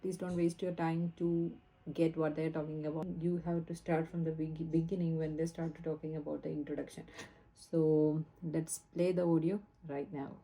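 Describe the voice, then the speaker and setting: An Indian woman teaches in a low, mellow voice, speaking earnestly and pausing on fillers as she explains. She records herself on a phone camera. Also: little pitch movement, husky. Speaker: English test trainer.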